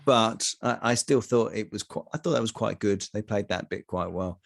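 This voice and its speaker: A middle-aged man co-hosting a casual review chat, talking in halting bursts with many fillers and restarts. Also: on the low side, vocal fry. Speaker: podcast co-host.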